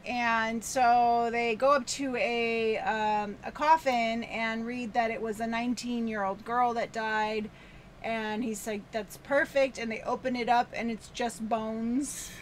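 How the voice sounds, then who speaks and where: A woman's voice: fairly high pitch, flat delivery, slow pace, slight background noise. A woman co-hosting a casual chat about an old film, recapping the plot with many ums and frequent laughs. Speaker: podcast co-host.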